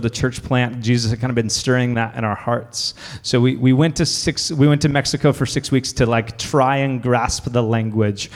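A man, preaching a sermon in a church with a casual, conversational manner full of fillers and restarts. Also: mid-range voice. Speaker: pastor.

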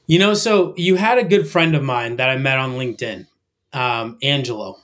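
Energetic man talking like a motivational speaker. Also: medium pitch, normal speed. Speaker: podcast guest. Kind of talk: casual podcast conversation.

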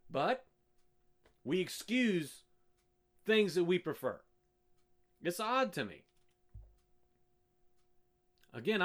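A man delivering a sermon from the pulpit. His voice sits high and swings widely in pitch as he presses the congregation with pointed rhetorical questions. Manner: rhetorical questions, emphatic and animated. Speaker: pastor.

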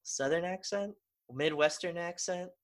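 A man's voice: on the high side, unhurried. A man co-hosting a podcast in casual chat, enthusiastic and rambling with restarts. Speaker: podcast co-host.

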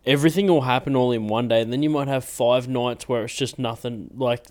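A man's voice: mid-range voice, steady tone, brisk. A young man in casual banter, crude and joking. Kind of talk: casual chat.

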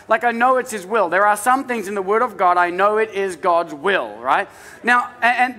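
Here a middle-aged pastor gives a sermon in a spacious church, his high, bright voice carried by a long reverb. His manner with the congregation is loose and chatty, and he sprinkles in humorous stories about his family.

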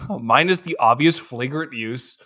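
A man's voice: medium pitch, measured pace, pushed and bright. A man in his twenties co-hosting a podcast, chatting casually about a film, laughing often and swearing freely. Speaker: podcast co-host. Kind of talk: casual chat.

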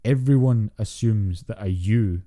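A Scottish man co-hosting a podcast in casual chat, blunt, sweary and quick to laugh. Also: on the low side, mellow. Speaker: podcast co-host.

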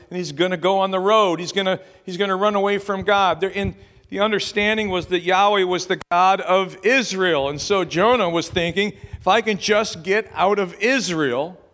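Man, preaching a sermon, talks conversationally and asks the room questions, fairly high voice, long hall reverb. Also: a bit bright. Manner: conversational, repeats words, rhetorical questions.

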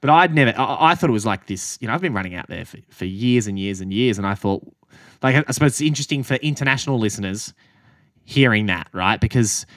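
Low-voiced Australian man telling a story. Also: fast, dry recording, clean studio sound. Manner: animated, swears freely, acts out quotes. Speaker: podcast co-host and running coach. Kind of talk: casual storytelling chat.

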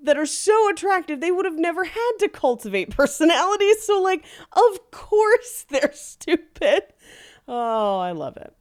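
A woman banters on a comedy podcast, dropping wry, sarcastic jokes and laughing easily. Her voice sits high and the sound is dry and close to the mic. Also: animated, moderate pace, few pauses, no room sound. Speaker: podcast co-host.

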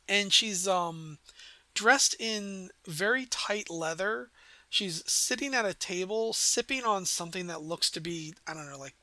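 A man's voice: high voice, bright, forceful tone, dry recording. A man narrating as game master of a tabletop game, rambling with many fillers. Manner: rambling, lots of ums and likes.

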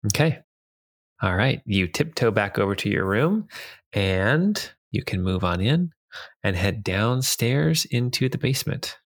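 A man's voice: lowish voice, sing-song, measured pace, dry recording, clean studio sound. A man narrating a tabletop game as dungeon master, rambling with chuckling asides.

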